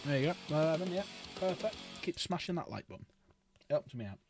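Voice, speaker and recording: A man chatting casually while painting miniatures on a livestream, chatty and quick to laugh. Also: music in the background. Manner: chatty, laughs often, jumps in pitch when excited. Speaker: streamer and hobby painter.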